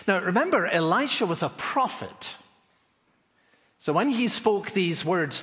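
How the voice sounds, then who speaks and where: A male preacher delivering an expository sermon in an animated storytelling manner. His voice sits a little higher than most men's. A long hall reverb trails after each phrase. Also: a little slow. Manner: animated storytelling, rhetorical questions.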